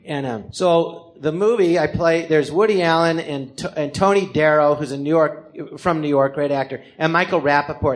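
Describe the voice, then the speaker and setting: High-pitched guy telling a funny story live on stage, super animated, does all the voices. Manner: animated, acting out quoted voices, quick rambling restarts.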